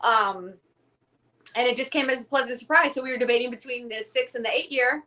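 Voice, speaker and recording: A woman's voice: a little high, a little fast. A young woman, a guest from a whiskey company, telling a story in a casual interview and acting out the dialogue. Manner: animated, acts out quoted dialogue.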